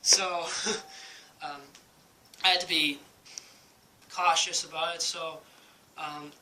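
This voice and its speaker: A man's voice: a little high, fairly even intonation, takes it slowly, noisy background. A young man telling a casual vlog story at home, rambling with many ums and likes and laughing often. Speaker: vlogger. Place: at home, indoors.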